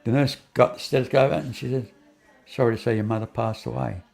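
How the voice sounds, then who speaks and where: Gravelly older man telling a story. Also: medium pitch, steady tone, quick pace, a little mellow. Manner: rambling, repeats phrases and restarts, acts out dialogue. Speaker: guest. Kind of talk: personal storytelling in an interview.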